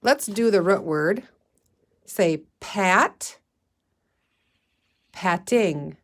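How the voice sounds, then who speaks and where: Teacher lady stretching out word sounds super slow for little kids, warm encouraging tone. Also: medium pitch, animated. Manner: encouraging, calls listeners "friends". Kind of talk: guided reading phonics lesson.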